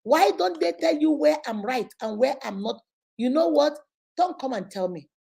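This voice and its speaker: A middle-aged Nigerian woman hosting a live show, giving an animated motivational talk with a husky voice. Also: high voice, normal speed. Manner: animated, preachy, with mimicked voices. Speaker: host.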